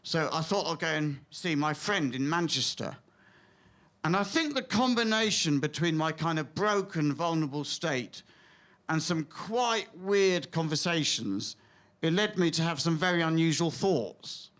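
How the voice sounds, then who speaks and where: A man doing stand-up comedy on a theatre stage, excitable, with stammering restarts that drop into hushed asides. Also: a little high, a little slow.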